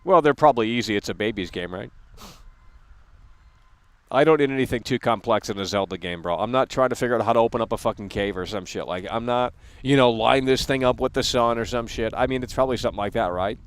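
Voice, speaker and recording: A man's voice: mid-range voice, fast talker, clean tone, no room sound. A young adult man hosting a gaming livestream, ranting bluntly and casually with lots of swearing. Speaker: livestream host.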